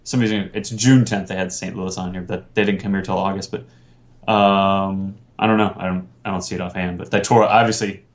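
Rambling low-voiced podcast host man. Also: fairly even intonation, a little fast. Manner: rambling, with many fillers and restarts. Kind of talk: casual chat.

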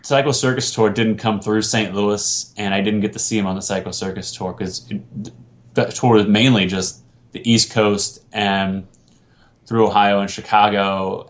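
A man hosting a casual podcast chat, rambling with lots of fillers and restarts. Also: fairly low pitch. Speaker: podcast host.

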